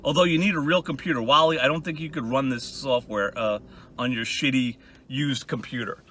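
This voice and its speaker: A man's voice: medium pitch, fairly quick, sharp tone. A man hosting his own channel, ranting casually in a profane, sarcastic and rambling way. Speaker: channel host.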